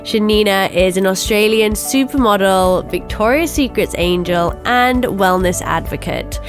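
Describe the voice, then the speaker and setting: Animatrice de podcast enthousiaste, voix moyenne, faible musique en fond. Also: female voice, medium pitch, unhurried, soft background music. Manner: enthusiastic, gushing. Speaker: podcast host. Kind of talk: casual interview chat.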